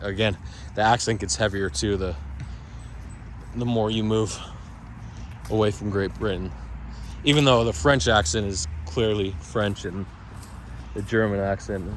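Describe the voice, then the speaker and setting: In this casual rambling vlog, a man wanders between crypto and his day, constantly restarting and tossing in asides. The voice is lowish with a fairly bright tone, and there's a little hiss or hum.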